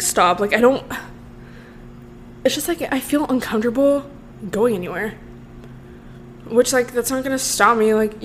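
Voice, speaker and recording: A young woman in her twenties hosting a podcast, rambling through a casual story with lots of filler words. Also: fairly high pitch. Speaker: podcast host. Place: Los Angeles.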